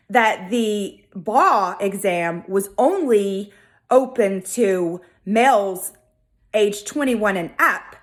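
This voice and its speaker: Sassy chatty woman with a Southern accent. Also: on the high side. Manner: animated, chatty, sassy asides. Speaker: video host. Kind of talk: casual storytelling monologue.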